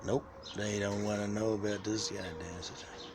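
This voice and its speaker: A man's voice: lowish voice, fairly even intonation, normal speed. A man filming his birds on a phone in an outdoor aviary, joking crudely and talking straight to them. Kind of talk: casual profane vlog. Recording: noisy with birdsong.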